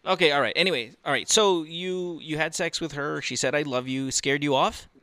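A man's voice: on the high side, normal speed, pushed and bright, no echo. A male host of a call-in advice podcast, brash, crude and teasing with his callers. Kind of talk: call-in advice show banter.

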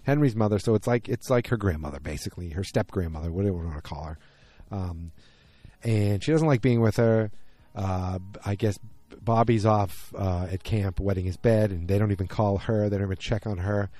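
A man's voice: lowish voice, brisk, mellow, no echo. A man casually recapping a TV episode, rambling, correcting himself and acting out the characters' lines. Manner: rambling, self-correcting, acts out quotes. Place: outdoors.

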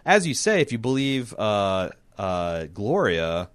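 A man's voice: lowish voice, very animated, slow pace, smooth, dry recording. A man hosting a TV recap podcast, chatting casually in a rambling way with restarts. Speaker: podcast host.

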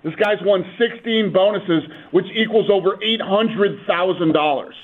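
Man, radio guest over a phone line, brisk enthusiastic promoter, stat-heavy talk. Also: high voice, slight background noise. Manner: brisk, enthusiastic, reels off stats.

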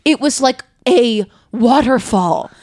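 A woman's voice: a little high, expressive, takes it slowly, a little mellow, dry recording, studio quality. A woman in her twenties co-hosting a podcast, telling a bawdy story with lots of laughter. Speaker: podcast co-host. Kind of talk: casual comedic chat.

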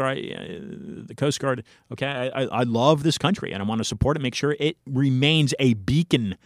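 A man's voice: mid-range voice, a bit bright, no echo, studio quality. An American man hosting his own commentary show, reading from an article with emphatic asides and stumbles. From United States. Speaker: political commentary show host.

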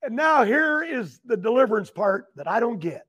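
Older man, high pitched, meandering storyteller who restarts his sentences. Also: very animated, normal speed, fairly bright tone. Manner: loose, meandering, keeps restarting and clearing his throat. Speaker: guest, racing driver. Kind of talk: rambling storytelling.

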